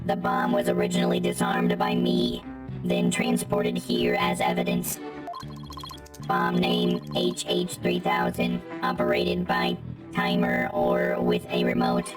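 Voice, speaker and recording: A synthetic text-to-speech voice playing a terse male bomb specialist in clipped, monotone statements. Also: a bass voice, a little slow, over loud music, low-quality recording. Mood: flat.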